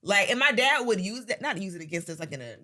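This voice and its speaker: A woman's voice: medium pitch, fast talker. A young woman co-hosting a podcast, chatting casually and acting out quotes from her own life. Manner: animated storytelling, swearing, acts out quotes. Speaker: podcast co-host. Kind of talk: casual chat.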